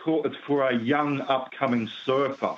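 A man calling in to a radio show, asking a question in a halting way, searching for his words. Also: medium pitch, fairly even intonation, highs cut off. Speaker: caller. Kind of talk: radio call-in.

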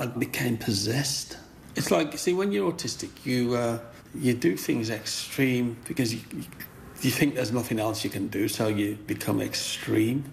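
Gravelly older man. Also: medium pitch, a little hiss or hum. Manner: animated storyteller who acts out other people's voices. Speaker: interviewee. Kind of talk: recounting childhood memories.

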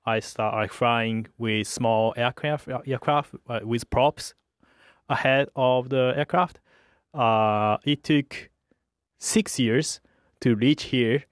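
A young man from Japan with a Japanese accent, a fighter pilot speaking English haltingly with many pauses in a radio interview. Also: mid-range voice, no echo, clean studio sound. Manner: hesitant, halting English with many uhs and light laughs.

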